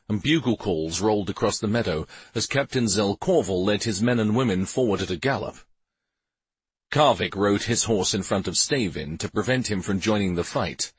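A man reading a fantasy novel aloud in steady, even scripted narration. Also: fairly low pitch, husky, dry recording. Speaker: audiobook narrator.

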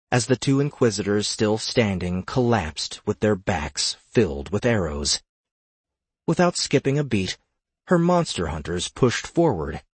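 A man narrating a fantasy audiobook with steady, measured storytelling. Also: lowish voice, slightly rough, no room sound.

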